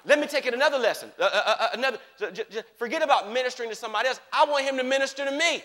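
A male preacher with a high, bright voice races through a lively, animated sermon, his words ringing out with a long hall reverb. He keeps asking his listeners whether they follow, sinking into hushed asides and rising to shouts.

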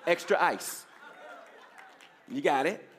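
Male preacher, high-pitched, call-and-response sermon, shifts from quiet asides to forceful exhortation. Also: animated, slow pace, some chatter behind. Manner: preacher's call-and-response, repeating "you got it?"; swings between quiet asides and loud exhortation. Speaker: pastor.

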